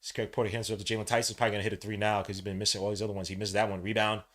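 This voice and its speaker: Excitable New fan calling a game. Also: male voice, racing. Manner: excitable, swings from low muttering to loud shouting; heavy slang, calls out plays between asides. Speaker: podcast host. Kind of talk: live fan watch-along commentary.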